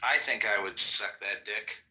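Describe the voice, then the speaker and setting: A man chatting casually as a podcast co-host, quick to joke and act out comedy bits. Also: lowish voice, sharp tone, rough recording. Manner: joking, quick, does bits. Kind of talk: casual chat.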